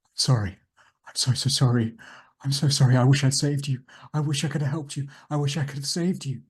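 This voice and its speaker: A man's voice: medium pitch, normal speed, a little mellow, natural voice. A man voicing a nervous, sorrowful male guide who stammers as he talks, in a tabletop game. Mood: grieving. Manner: hesitant, stammering. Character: nervous, sorrowful man guiding others underground.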